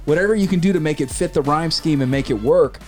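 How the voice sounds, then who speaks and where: A man hosting a podcast, chatting casually and excitedly, rambling and swearing freely. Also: a little high, fast, soft background music. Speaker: podcast host. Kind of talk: casual chat about hip hop.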